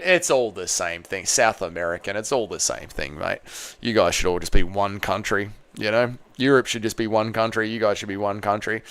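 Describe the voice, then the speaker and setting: A man's voice: medium pitch, clear, resonant tone. An Australian man from Tasmania hosting a casual fight-night livestream, bantering with chat and swearing freely. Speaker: livestream host.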